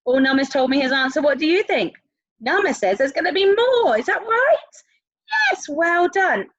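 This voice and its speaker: A woman teaching an online music lesson to young children, encouraging them with animated, sing-song questions. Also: sits high, moderate pace, no room sound, dull audio. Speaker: primary school teacher.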